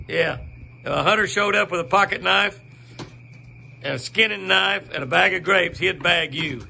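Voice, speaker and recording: Gravelly, bright-toned rancher. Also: male voice, high-pitched, moderate pace, slight background noise. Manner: chatty, laughs often, coos and teases the deer. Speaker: ranch owner and channel host. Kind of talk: casual outdoor vlog narration. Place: outdoors on a ranch in the morning.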